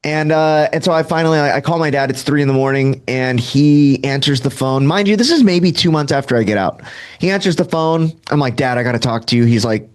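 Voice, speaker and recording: A man's voice: fairly high pitch, brisk. A man in his thirties from Southern California, telling his recovery story in a casual, self-deprecating way and acting out bits of dialogue. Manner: casual, self-deprecating, filler-heavy, acts out quoted dialogue. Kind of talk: candid conversational storytelling.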